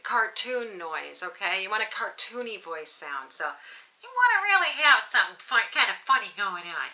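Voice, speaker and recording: A woman voice teacher guides viewers through warm-up exercises, speaking close to her camera. Her voice is very bright and lively, swinging up and down in pitch as she coaches with a playful, encouraging manner. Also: normal speed, low-quality recording. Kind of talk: vocal warm-up lesson to camera. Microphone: camera mic, close framing.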